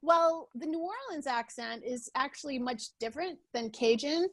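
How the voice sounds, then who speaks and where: A woman's voice: high-pitched, animated, normal speed, no echo. A woman being interviewed on a podcast over a video call, talking casually with many restarts. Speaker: podcast guest.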